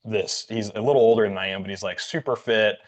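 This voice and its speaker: A man's voice: on the low side, quick pace. A man hosting a podcast, telling a story in a loose, rambling way full of fillers and acted-out quotes. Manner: rambling, filler-heavy, acts out quoted dialogue. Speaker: podcast host. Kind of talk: casual storytelling chat. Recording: dull lo-fi audio.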